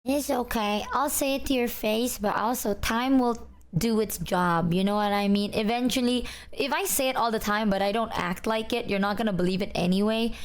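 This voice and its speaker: A young woman streamer in casual chat, talking in a relaxed, low-energy voice. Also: moderate pace.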